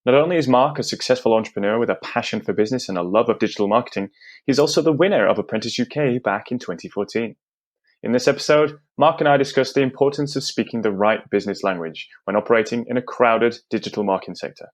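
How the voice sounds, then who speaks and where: A man's voice: medium pitch, fast talker. A man hosting a business podcast, enthusiastic and stumbling over restarts as he asks questions. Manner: enthusiastic, with hesitant restarts when asking. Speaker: podcast host. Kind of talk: interview hosting.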